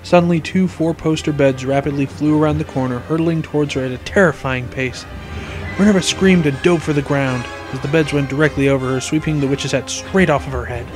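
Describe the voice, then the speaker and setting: Male reader, audiobook narration, measured pace, soft background music. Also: a little high. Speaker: story reader. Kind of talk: fan fiction audiobook narration.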